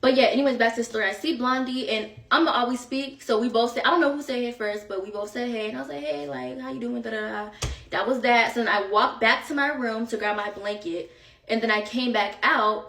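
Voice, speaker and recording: A woman's voice: on the high side, fairly bright tone. A young woman telling a rambling storytime to her viewers, casual and full of asides to the audience. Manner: chatty, filler-heavy, rambling asides to viewers. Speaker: storytime vlogger. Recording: echoey room, far from the mic.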